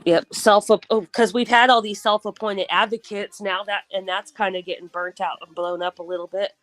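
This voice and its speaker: A woman hosts a casual livestream, chatting loosely with plenty of restarts and frequent laughs. Her voice sits at an ordinary pitch for a woman. The sound is dry and close, with no room in it. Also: steady tone, brisk, fairly bright tone, no room sound. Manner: laughs often, rambling with restarts. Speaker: livestream host.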